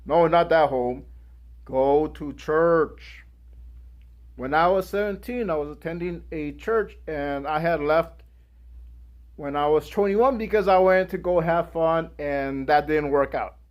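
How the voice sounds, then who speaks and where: High-voiced man telling a story slowly. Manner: animated, acts out the people in his story. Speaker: guest speaker. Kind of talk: storytelling speech.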